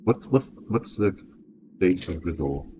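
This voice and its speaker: A man's voice: low voice, animated, unhurried, mellow, muffled recording, a little hiss or hum. A man narrating a solo tabletop game, thinking aloud and often correcting himself.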